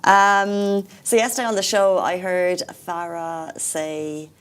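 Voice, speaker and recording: A woman co-hosting a morning show, chatting casually, animated and quick to laugh. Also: on the low side, clean tone. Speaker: co-host.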